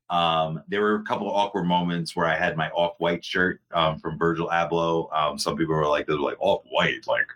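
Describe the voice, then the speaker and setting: A man co-hosting a podcast, rambling through casual chat with restarts and frequent laughs. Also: low-pitched. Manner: rambling, animated, laughs often. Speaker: podcast co-host.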